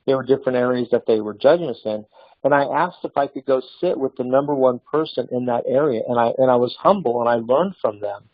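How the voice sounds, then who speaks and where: A man's voice: mid-range voice, fast, dry recording. Man telling sales stories, dry lo-fi sound. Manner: storytelling, animated with restarts. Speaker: sales trainer. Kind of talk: casual motivational talk.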